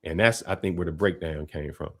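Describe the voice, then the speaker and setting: A man's voice: sits low, fairly quick, gravelly. A man from Detroit giving casual, slangy commentary on a clip he is reacting to. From Detroit, Michigan. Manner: relaxed, chatty, slangy delivery with laughs.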